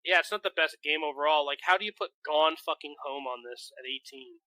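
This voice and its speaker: Podcast dude rambling on, likes "like" a lot, bright dry sound. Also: male voice, fairly high pitch, fairly quick, dry recording, rough recording. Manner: rambling, lots of "like" fillers, swears freely. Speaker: podcast co-host. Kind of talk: casual chat.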